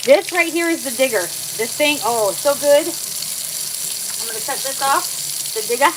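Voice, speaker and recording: A woman's voice: high-pitched, measured pace. A woman hosting a casual livestream from her kitchen, chatting and explaining step by step while she works with her hands. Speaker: livestream host. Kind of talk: casual live demonstration. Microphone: phone. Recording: phone livestream with clear background noise.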